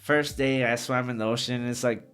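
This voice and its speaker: With a medium-pitched voice at a moderate pace, this man from the Socorro area tells casual travel stories as a podcast guest. His anecdotes are animated, slangy and profane, set against soft background music.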